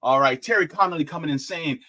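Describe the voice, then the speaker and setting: A man hosting a live-stream politics show, chatting casually, animated and jokey as he reads out the chat. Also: fairly high pitch, fast talker.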